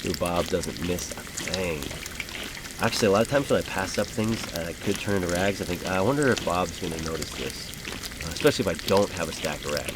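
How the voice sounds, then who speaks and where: A man's voice: deep voice, expressive, fairly quick. A man hosting a gaming channel, chatting casually over gameplay in a rambling, easygoing way with chuckles. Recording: clearly audible game noise behind voice.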